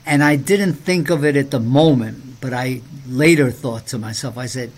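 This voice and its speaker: A man's voice: mid-range voice, moderate pace, few pauses. A man co-hosting a faith podcast and preacher, giving an earnest personal testimony in casual conversation, with many restarts.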